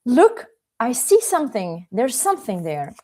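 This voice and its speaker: A woman voicing a clumsy male dog in ripped pants, speaking in a gruff, hesitant way in a bedtime story. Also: fairly high pitch, wildly swooping pitch, unhurried, darkish tone, heavily acted. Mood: pleading, eager.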